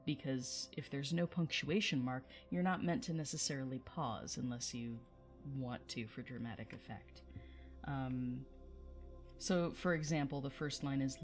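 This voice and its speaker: A woman's voice: extremely low pitch, unhurried, soft background music. A woman hosting a livestream, chatting casually with viewers and reading poetry aloud, often laughing.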